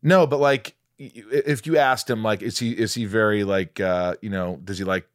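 A man's voice: lowish voice, fairly even intonation, moderate pace, no echo, studio quality. A man interviewing a guest in a casual chat, playful and jokey, often restarting his sentences.

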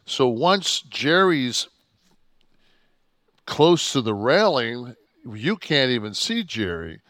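A man's voice: mid-range voice, very animated, slow pace, a bit bright, dry recording. A man co-hosting a podcast, telling a story in a profane, heated, rambling way. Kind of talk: casual storytelling chat.

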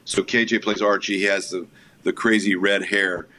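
A man with a fairly low voice chats as a guest on a talk show, spinning lively stories about his work. His delivery is casual and enthusiastic. A soft background hiss sits under the voice. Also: normal speed. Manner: enthusiastic anecdotal storyteller. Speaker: filmmaker guest. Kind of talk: casual storytelling interview.

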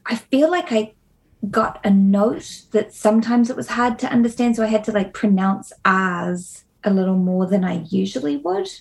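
Gravelly-voiced woman guest, wry. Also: mid-range voice, normal speed, darkish tone. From New Zealand. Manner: self-deprecating, wry. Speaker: podcast guest. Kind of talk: casual podcast chat.

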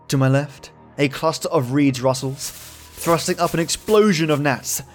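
A man narrating a first-person horror story from a script, measured and tense. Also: a little high.

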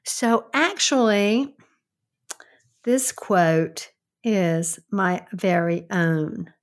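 A woman's voice: mid-range voice, extremely slow. A woman with a Southern accent co-hosting a casual podcast with her son, talking in an earnest, reflective way. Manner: earnest, reflective, laughs easily. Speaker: co-host, mother.

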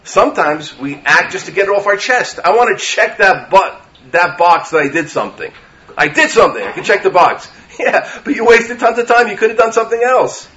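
Animated man teaching a Torah class. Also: high voice, a little fast. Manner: animated, asks rhetorical questions, mixes in Hebrew verses. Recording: dull lo-fi recording.

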